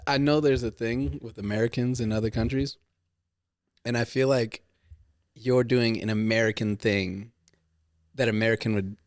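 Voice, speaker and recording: A man chatting casually, drifting through loose stories with easy laughter. His voice sits in mid pitch and the recording is dry and close. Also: normal speed, long pauses, no room sound. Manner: relaxed, rambling storyteller, laughs often. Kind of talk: casual chat.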